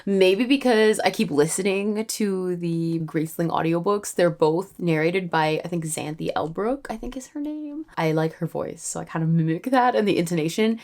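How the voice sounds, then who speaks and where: Chatty young woman, low-pitched. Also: normal speed, few pauses, darkish tone. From Canada. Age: 20s. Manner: chatty, with many fillers and light laughs. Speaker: writing vlogger. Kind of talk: casual vlog narration.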